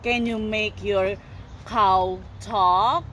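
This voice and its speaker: A woman's voice: high voice, very animated, very slow. A young mother playfully teaching her toddler about animals, with an exaggerated, encouraging voice. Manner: sing-song, exaggerated and encouraging. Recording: noisy background.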